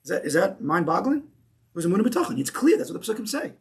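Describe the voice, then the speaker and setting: Guy giving a torah class, fairly high voice, keeps asking the room questions. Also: fast talker. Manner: animated, asks the class questions. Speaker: Torah teacher. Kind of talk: lecture to a class.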